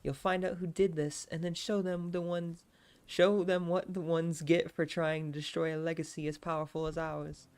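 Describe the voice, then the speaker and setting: A woman's voice: sits low, level tone, normal speed, darkish tone, clear, resonant tone, pitched above the performer's own voice. A woman voicing a cold, proud young aristocrat lady. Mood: imperious.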